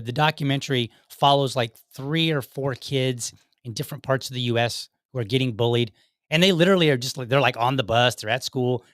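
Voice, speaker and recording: A man hosts a political podcast, talking conversationally with lots of restarts and "like" asides. His mid-range voice is fairly bright, and the recording is studio quality with no echo.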